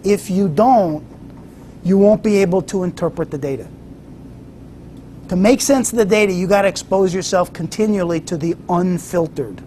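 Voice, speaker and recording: Guy giving a relaxed talk to a room, speeds up and slows down, bit of noise behind. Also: sits high. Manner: varied pace, storytelling, asks for questions. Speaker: lecturer. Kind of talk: conversational lecture.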